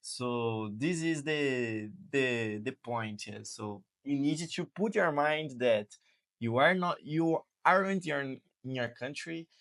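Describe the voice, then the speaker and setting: A man's voice: mid-range voice, animated, takes it slowly, a bit bright. A man from Brazil with a Brazilian Portuguese accent, speaking English as a second language as host of a casual chat, earnest and repetitive, often saying "man". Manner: earnest, repeats words and says "man". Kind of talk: casual conversation.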